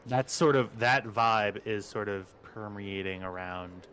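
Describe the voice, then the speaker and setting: A man chatting casually and then narrating as game master, rambling and animated with many fillers. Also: lowish voice, takes it slowly, slight background noise.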